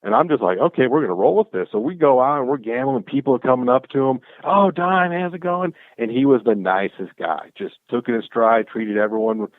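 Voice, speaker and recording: Excitable man on a tinny call line. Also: mid-range voice, fast, few pauses, no room sound. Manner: excitable, acts out quoted exchanges. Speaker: guest, clothing brand founder. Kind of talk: casual storytelling chat. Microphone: call audio.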